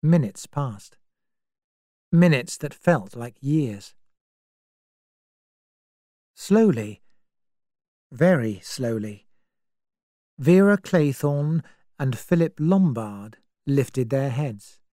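A woman reading a story aloud as narrator, in a slow, measured way. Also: a bass voice, animated, dark tone, dry recording, clean studio sound.

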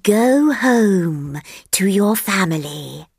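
A woman voicing a sleepy, stern snake in a storybook reading, speaking slowly and disapprovingly. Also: mid-range voice, animated, vocal fry, a little mellow, slightly rough, no room sound, studio quality, full character voice. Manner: slow, measured, disapproving.

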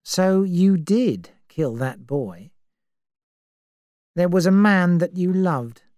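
Woman doing a calm steady man, lowish, slow, quiet, dry close sound, storybook reading. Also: dry recording. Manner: quiet, level.

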